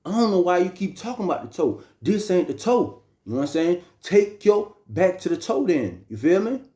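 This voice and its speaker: Animated young man telling a story. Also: high-pitched, normal speed. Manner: animated, slangy, repeats phrases. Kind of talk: casual storytelling. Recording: roomy echo.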